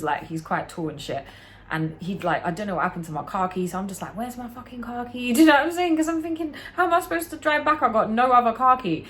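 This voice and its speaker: A woman's voice: fairly low pitch, slight background noise. Slangy woman telling a story. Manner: animated, slangy, swears freely. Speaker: vlogger. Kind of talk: storytime chat.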